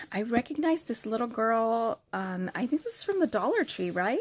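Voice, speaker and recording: A woman's voice: a little high, very animated, normal speed. Gushing, squealing woman unboxing mail. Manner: gushing, gasping and squealing with delight. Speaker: craft vlogger opening mail. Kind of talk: excited unboxing chat to camera.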